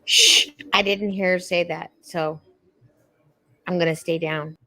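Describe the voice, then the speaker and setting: A woman's voice: fairly low pitch, steady tone, slow pace, pushed and bright, dry recording. A woman chatting casually off camera in a playful, teasing way.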